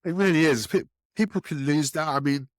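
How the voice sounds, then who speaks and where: A man's voice: brisk, no room sound, clean studio sound. A man talking about enterprise sales on a podcast, telling stories and acting out the people in them with a raised voice. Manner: animated, acts out quotes with raised pitch. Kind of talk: casual podcast storytelling.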